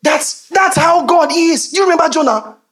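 A middle-aged man with a Nigerian accent preaching a sermon in an animated, teasing way with frequent laughs. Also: very high voice, moderate pace, music in the background. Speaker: pastor.

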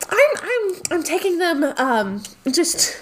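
A woman voicing a nervous, friendly female guide who stammers and rushes her words. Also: very high voice, big pitch swings, slight background noise, pitched above the performer's own voice, exaggerated voice. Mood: flustered. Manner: flustered, stammering, quick.

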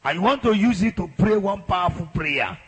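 A man preaching a sermon as a pastor, leading a congregation in loud, exhorting prayer. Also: sits high, expressive, normal speed, breathy edge.

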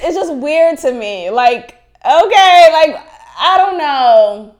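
Young woman podcaster from haiti, high voice, blunt and chatty, laughs a lot, swears casually. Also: slow. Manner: frank and animated, laughs often, swears freely. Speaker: podcast host. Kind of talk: candid personal podcast monologue.

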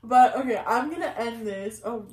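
A woman's voice: a little high, normal speed. Young woman podcast cohost, storytelling, swears a lot, roomy echo, mic kinda far. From California. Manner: animated storytelling, swearing, loud quoted outbursts. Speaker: podcast co-host. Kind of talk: casual chat. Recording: echoey room, mic at a distance.

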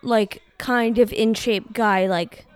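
A woman in loose podcast conversation, her voice sitting a little higher than most. She talks in a chatty, self-mocking way, with plenty of filler words and casual swearing. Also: fairly even intonation, takes it slowly, smooth, no echo. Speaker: podcast co-host. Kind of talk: casual chat.

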